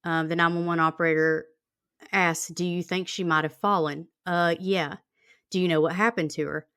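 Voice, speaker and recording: A woman's voice: fairly low pitch, fairly even intonation, moderate pace, fairly bright tone, clear, resonant tone, no room sound, studio quality. A woman hosting a true-crime podcast, reading out a call transcript in a plain conversational way with many fillers. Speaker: podcast host.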